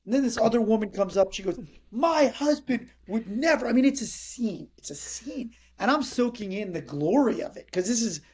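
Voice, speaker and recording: A man's voice: high-pitched, fairly quick, hardly any pauses, slightly rough. A man in his thirties, a comedian guest, telling a story in casual chat with lots of energy. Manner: energetic, acts out other people's lines.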